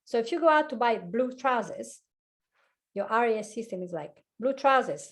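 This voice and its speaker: A woman with an Italian accent, a hypnotherapist and life coach, talking fast and laughing often as a guest on a video-call chat. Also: on the high side, animated. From Italy. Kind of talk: casual chat.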